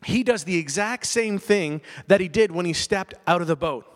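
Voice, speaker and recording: High-voiced male preacher in a reverberant hall. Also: moderate pace. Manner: storytelling, emphatic, direct questions to listeners. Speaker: pastor. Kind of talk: sermon. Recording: long reverb of a large hall.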